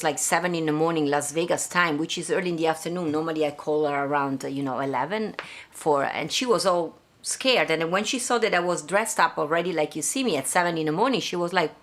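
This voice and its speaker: A woman's voice: low voice, fairly bright tone. A woman from Italy with an Italian accent, hosting a casual live stream from her home, chatting with many fillers and slipping into Italian and French. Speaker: host.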